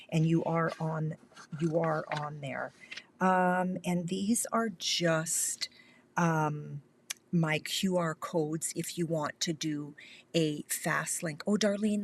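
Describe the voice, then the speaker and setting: An older woman from Canada hosting a live craft stream, chatting warmly and reassuringly, often sinking to a near whisper, with the hiccups. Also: fairly low pitch. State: has the hiccups. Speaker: independent craft demonstrator.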